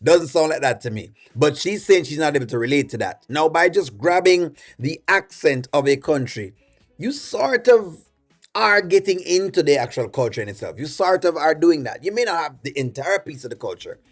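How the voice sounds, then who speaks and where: A man's voice: a little high, lively intonation, moderate pace, faint music behind. Jamaican man giving rambling commentary. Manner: rambling, opinionated, many fillers. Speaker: reaction video host. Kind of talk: casual commentary.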